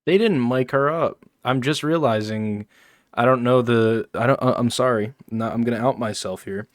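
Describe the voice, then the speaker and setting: A man's voice: medium pitch, moderate pace, no room sound, studio quality. A man streaming live, making offhand, rambling asides while reacting to a podcast. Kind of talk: casual live-stream commentary.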